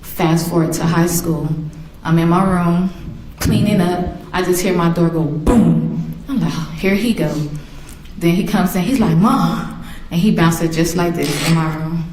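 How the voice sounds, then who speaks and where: A mother interviewed about her son, telling personal stories in an animated way and acting out the voices. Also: fairly low pitch, a little slow, slight background noise. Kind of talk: emotional personal storytelling in an interview. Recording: echoey room.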